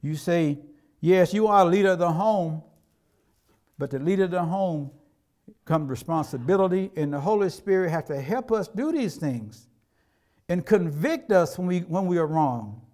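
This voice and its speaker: A man's voice: high voice, animated, normal speed, a little mellow. A middle-aged man preaching a sermon as a pastor, in a conversational way, acting out quotes from everyday life.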